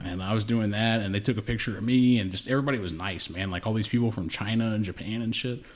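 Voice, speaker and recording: A man's voice: on the low side, fast, few pauses. A young man co-hosting a podcast, telling rambling stories in casual, heavily profane chat. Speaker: podcast co-host.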